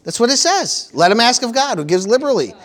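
A pastor with a notably high voice delivers a sermon to his congregation. He works in call-and-response, tossing out amens and praise-the-Lords and hammering his points by repeating phrases. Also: sing-song, fast talker, fairly bright tone.

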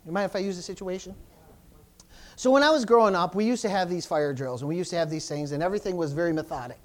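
A fast-talking pastor with a mid-range voice preaches to a congregation in church. The sermon features frequently restarted phrases along with shouts of "amen?" and "praise the Lord."

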